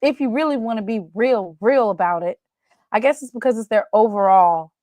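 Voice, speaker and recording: A woman hosting a casual sports show, excitable and answering chat commenters by name. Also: a little high, moderate pace, dry recording.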